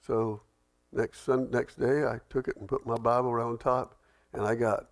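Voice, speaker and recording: A man's voice: medium pitch, fairly even intonation, moderate pace, gravelly. A middle-aged male pastor leading a Bible study, telling folksy stories and reading scripture aloud.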